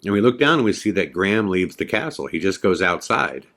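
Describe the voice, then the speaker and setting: A man's voice: deep voice, sing-song, fairly quick, fairly bright tone. A man hosting a podcast, telling a story in a casual, rambling way with many fillers. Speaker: podcast host.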